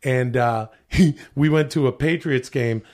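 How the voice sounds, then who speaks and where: A man's voice: mid-range voice, unhurried, a little mellow. A man hosting a podcast in casual, joking, profane chat that rambles along. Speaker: podcast host.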